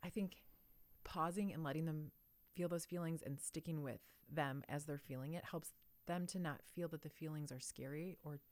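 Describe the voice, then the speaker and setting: A woman's voice: sits low, steady tone, normal speed, darkish tone, dry recording. A woman in her thirties talking in a thoughtful, reflective way on a podcast and laughing often. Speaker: podcast co-host. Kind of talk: casual conversation.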